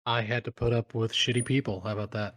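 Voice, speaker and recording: A man's voice: medium pitch, little pitch movement, fast, fairly bright tone. A young man co-hosting a comedic podcast, ranting sardonically and swearing a lot. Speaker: podcast co-host. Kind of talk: crude comedic podcast banter.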